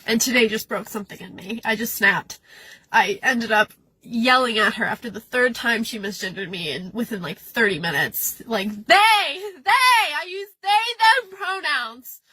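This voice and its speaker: A woman's voice: mid-range voice, pushed and bright, breathy edge, no echo. A young adult woman venting through tears about a hard day, recorded outdoors at a beach. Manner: tearful, upset, rapid venting. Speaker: person venting in a posted video. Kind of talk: emotional personal venting.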